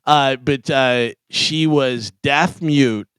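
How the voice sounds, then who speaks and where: A man's voice: medium pitch, drawn-out words, a bit bright, clear, resonant tone, no echo. A man co-hosting a radio show, telling a rambling childhood story with lots of "like". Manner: rambling, uses "like" a lot. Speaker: radio co-host. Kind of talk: casual storytelling banter. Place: radio studio.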